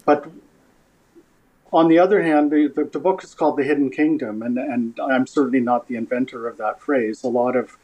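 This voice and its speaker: A man's voice: medium pitch, moderate pace, darkish tone, rough recording. Man, from canada, scientist guest, mid-range voice, thoughtful, repeats words as he starts. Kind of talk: casual interview.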